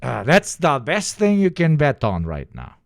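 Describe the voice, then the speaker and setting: A man streaming a profane, heated political rant, sweating and shouting at times. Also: fairly high pitch, huge pitch swings, unhurried, vocal fry, no echo, studio quality. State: sweating, flushed. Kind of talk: ranting political commentary.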